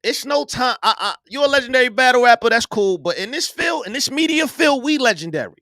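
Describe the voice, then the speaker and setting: A man hosting a live online show, ranting loudly and profanely with bursts of yelling. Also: very high voice, brisk, hardly any pauses, dry recording, clean studio sound. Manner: loud, profane, animated, yelling at times. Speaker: podcast host. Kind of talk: heated live-stream rant.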